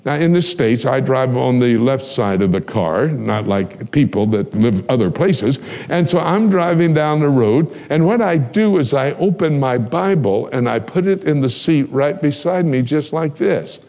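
A man's voice: mid-range voice, unhurried, hardly any pauses. A man preaching a sermon, telling personal stories with animation and acting out the dialogue. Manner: animated storyteller, acts out dialogue.

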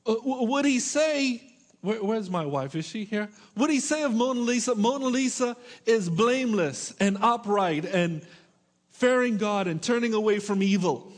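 A man's voice: sits high, lively intonation, normal speed. A middle-aged man preaching a sermon in a church, stretching out his questions for emphasis and slipping in joking asides to the congregation. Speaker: pastor.

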